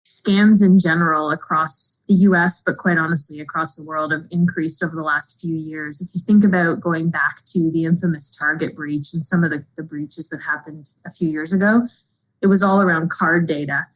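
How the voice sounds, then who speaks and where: A middle-aged woman, a fraud executive, explaining in an interview in a measured way. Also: low voice, steady tone, rough recording.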